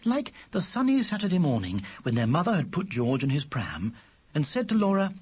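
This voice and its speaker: A narrator reading a children's story aloud, with a measured delivery that drops low for the speech tags. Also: huge pitch swings, darkish tone, husky. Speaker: audiobook narrator.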